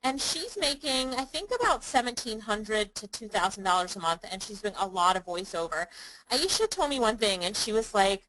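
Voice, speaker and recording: A woman's voice: a little high, sing-song, a little fast, fairly bright tone, rough recording. A woman hosting a live online webinar, upbeat and chatty, calling on viewers by name. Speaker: online business course host.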